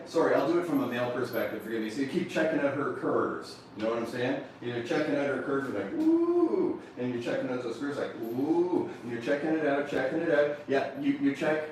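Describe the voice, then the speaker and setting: Playful man speaking in an echoey hall. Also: mid-range voice. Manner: playful, acts out flirting with a car in mock-sensual voices. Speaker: motivational speaker. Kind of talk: seminar talk to a live audience. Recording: very echoey hall from far off, faint noise.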